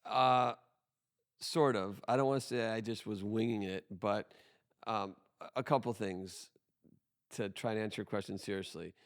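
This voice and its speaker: Smooth-voiced middle-aged man, relaxed storyteller. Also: lowish voice. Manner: relaxed storyteller, measured, a little hesitant. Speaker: podcast guest. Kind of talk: casual podcast conversation.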